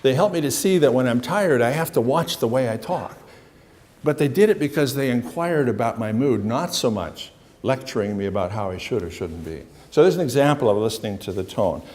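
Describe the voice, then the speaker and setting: A man's voice: medium pitch, animated, a little fast, darkish tone. Conversational middle-aged man lecturing. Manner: conversational, acts out dialogue with anecdotes. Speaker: psychologist leading a seminar. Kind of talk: seminar lecture to a live room. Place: seminar room.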